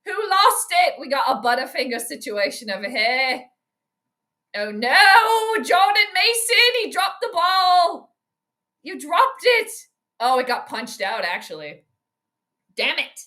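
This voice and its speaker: A high-voiced woman speaks slowly while hosting a casual live stream of a football game. Chatty and excitable, she laughs often and reads the chat aloud.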